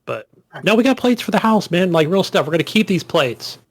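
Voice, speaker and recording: A man's voice: high voice, big pitch swings, fairly quick. A married man co-hosting a podcast, telling a chatty everyday story with casual swearing. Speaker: podcast co-host.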